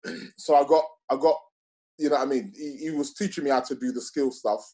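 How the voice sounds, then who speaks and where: A man's voice: mid-range voice, brisk, mellow. A man, a guest telling a casual story, rambling with many fillers and restarts.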